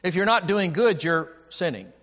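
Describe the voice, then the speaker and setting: Man, preacher, sermon, emphatic, stammered restarts, slightly high voice, long hall echo. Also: lively intonation, normal speed, fairly bright tone. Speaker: preacher and Bible teacher. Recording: dull audio with long hall reverb.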